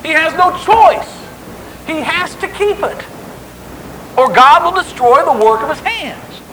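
High, bright-voiced preacher man. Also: very animated, measured pace, a little hiss or hum, poor audio. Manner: emphatic, conversational preaching that acts out quotes. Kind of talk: sermon.

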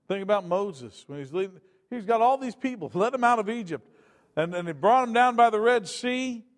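High-pitched guy preaching, goes loud then quiet, big echoey church hall. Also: lively intonation, moderate pace. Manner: dynamic delivery, swinging from loud emphatic to quiet. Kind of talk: sermon.

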